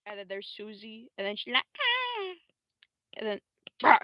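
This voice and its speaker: A young adult woman livestreaming in casual, slangy, rambling talk, swearing freely and jumping into squeaky high voices to quote characters. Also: level tone, fast talker, bright, forceful tone, no echo, poor audio. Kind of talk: casual live-stream commentary.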